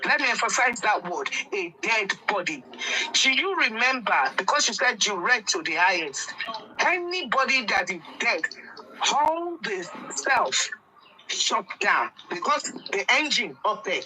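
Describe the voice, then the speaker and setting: Insistent Nigerian woman with a sharp voice. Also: mid-range voice, very animated, a little hiss or hum, rough recording. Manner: insistent, probing questioner, deliberate and emphatic. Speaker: panelist. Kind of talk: heated panel debate.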